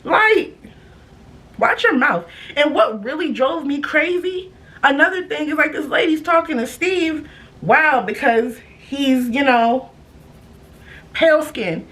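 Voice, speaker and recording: A young woman with a high voice tells a story on her vlog. She is loud, brash and profane, and she acts out every turn of it with lots of energy. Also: animated, takes it slowly. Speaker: storytime vlogger. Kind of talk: casual storytime monologue.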